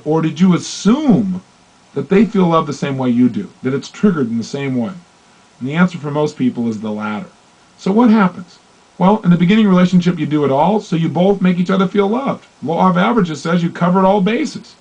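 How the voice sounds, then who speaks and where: A man giving a motivational talk on love and relationships, acting out both partners in dialogue with lively, shifting voices. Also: fairly high pitch, husky, highs cut off. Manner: animated, acts out both partners in quoted dialogue. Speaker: motivational speaker.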